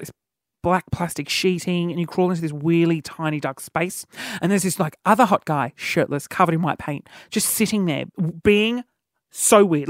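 A man's voice: high voice, no echo, clean studio sound. A man hosting a solo podcast, telling a story in a cheeky, rambling way full of fillers and restarts. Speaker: podcast host.

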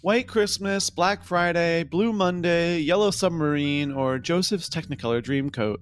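A woman co-hosting a comedy podcast over a video call, laughing often and tossing off deadpan quips. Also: fairly low pitch, a little slow. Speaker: podcast co-host.

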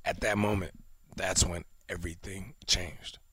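A man in his thirties with a low, husky voice tells a story on a casual podcast, animated and full of acted-out quotes. The sound is close and dry, with no room around it. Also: a little slow, no room sound. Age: 30s. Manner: animated storyteller who acts out quoted voices, drops to whispers. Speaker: podcast co-host.

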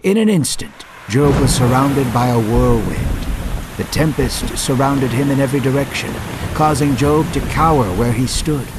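A man's voice: medium pitch, expressive, normal speed, noisy background. A man narrating a Bible story in an earnest, dramatic scripted style.

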